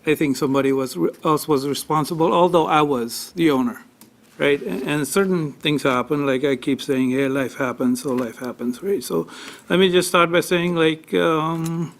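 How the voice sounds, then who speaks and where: Man, fairly high voice, petitioner at a hearing, halting, emotional, lots of fillers. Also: creaky. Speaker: petitioner at a tax appeal hearing. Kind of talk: unscripted testimony.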